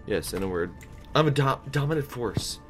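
A man's voice: medium pitch, expressive, moderate pace, music in the background. A young man casually commentating his own gameplay, hyped and joking, trash-talking and laughing. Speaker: gaming YouTuber.

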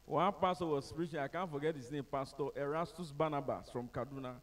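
A Nigerian man speaking as a motivational speaker, telling funny stories to a live crowd. His voice sits high for a man, and he keeps it animated and joking, acting out the people in his tales. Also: fairly quick, recorded from a distance. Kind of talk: humorous storytelling to a live audience.

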